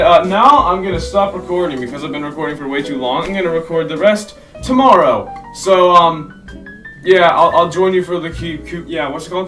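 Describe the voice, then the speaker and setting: A man's voice: on the high side, fairly bright tone, far from the mic. Rambling teenage boy vlogging over guitar. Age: teens. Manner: rambling, self-correcting, enthusiastic. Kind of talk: casual vlog recap.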